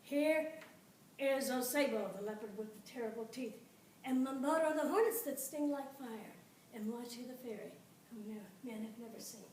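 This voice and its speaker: A woman's voice: on the high side, normal speed, darkish tone, distant mic, slight background noise, lightly acted. Woman voicing a proud spider trickster. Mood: proclaiming. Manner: grand, proclaiming. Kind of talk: live storytelling performance. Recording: echoey room, voice from afar.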